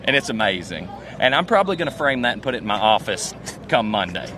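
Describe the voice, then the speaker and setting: A young man in his twenties, a fan, telling an excited story outdoors with lots of "like.". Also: on the low side, fast talker, low-quality recording. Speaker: fan guest. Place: outdoors outside an arena. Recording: loud crowd outdoors.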